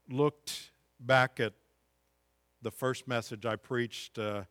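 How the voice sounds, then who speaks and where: A man's voice: medium pitch, sharp tone, no room sound. Middle-aged guy preaching a sermon, gets really fired up, dry close sound. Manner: impassioned, rising to emphatic peaks. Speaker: pastor.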